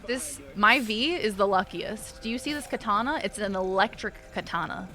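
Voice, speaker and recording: A woman's voice: medium pitch, moderate pace, sharp tone, faint music behind. A woman game streamer chatting playfully with her chat as she plays, giggling often. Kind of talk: casual live-stream chat while playing.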